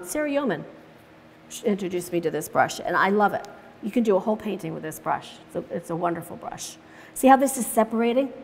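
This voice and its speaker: A woman leads a live watercolor demonstration, describing every brushstroke aloud in a relaxed, chatty way and breaking into easy laughter. Her voice sits at a middle pitch. A long reverb hangs on it, as in a large room. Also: slight background noise. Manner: chatty, narrates each step as she paints; laughs easily while telling stories. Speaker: watercolor painting instructor.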